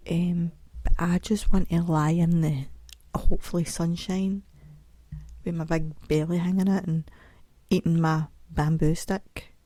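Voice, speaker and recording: A woman's voice: on the low side, warm tone, no room sound. Scottish woman, middle-aged, podcast host, rambling, self-mocking, dry close sound. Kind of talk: casual solo podcast chat.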